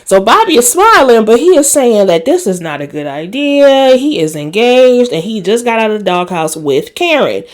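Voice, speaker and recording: Woman recap host, slightly high voice, conversational gossip delivery, acts out quotes. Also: big pitch swings, moderate pace, hardly any pauses. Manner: chatty storytelling with asides to viewers; laughs and acts out quoted lines. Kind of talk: casual episode recap.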